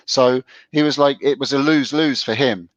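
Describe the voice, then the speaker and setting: A man's voice: moderate pace, no room sound, dull audio. A man co-hosting a casual show, telling stories in a chatty way with frequent laughs. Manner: chatty storyteller, laughs often, lively pitch. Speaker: co-host. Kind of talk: casual chat.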